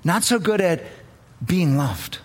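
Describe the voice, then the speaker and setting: A woman's voice: lowish voice, big pitch swings, slow. A woman preacher delivering a sermon, telling a story with earnest swells and drops in emphasis.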